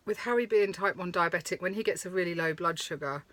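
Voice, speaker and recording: A woman's voice: on the low side, fast talker, fairly bright tone. A woman, vlogging in a frank, rambling way, swearing freely and laughing often. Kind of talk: candid chatty vlog. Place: touring stop at a countryside campsite.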